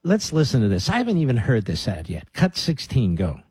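A man's voice: medium pitch, wildly swooping pitch, a little fast, a little mellow, breathy edge, dry recording. A man hosting a talk radio show, sarcastic and combative, stopping clips to mock them.

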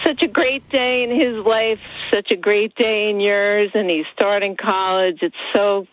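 A middle-aged woman calling into a radio show, talking in an excited, sentimental way. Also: mid-range voice, measured pace, no echo. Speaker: caller. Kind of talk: phone-in chat. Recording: tinny phone line.

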